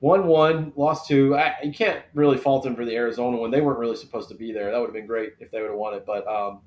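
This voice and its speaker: Male streamer, thirties, mid pitch, relaxed storyteller, echoey room. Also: quick pace, highs cut off. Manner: chatty, storytelling, laid-back with swearing. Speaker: host of a live draft stream. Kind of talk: casual chat.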